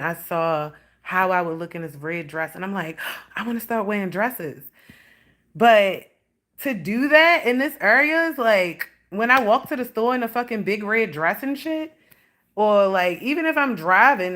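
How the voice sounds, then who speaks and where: A woman's voice: mid-range voice, fairly bright tone. Woman rambling casually on a livestream. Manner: rambling, profane storytelling with lots of "like".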